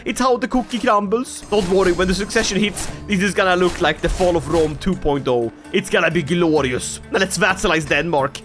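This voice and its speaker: Brief: high, animated man narrating strategy gameplay, theatrical bursts of glee, faint music under. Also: moderate pace. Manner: excitable, theatrical, laughs often. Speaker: gaming video creator.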